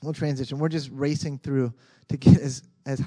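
A man preaching a sermon as a pastor in a conversational, animated way with frequent restarts. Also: mid-range voice, normal speed.

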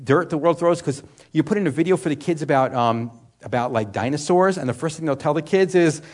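Teaching a sermon in a conversational style, this man asks the room questions and then answers them himself, peppering his talk with "you know" and restarting often. He's a Bible teacher with a fairly high, somewhat mellow voice, expressive and brisk.

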